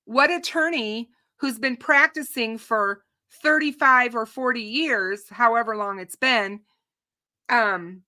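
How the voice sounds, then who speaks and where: A woman hosting a true crime show, giving opinionated unscripted commentary to her audience, often restarting her sentences, her voice starting to go and clearing her throat. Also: a little high, pushed and bright. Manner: opinionated, frequent restarts and repeated words. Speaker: true crime channel host.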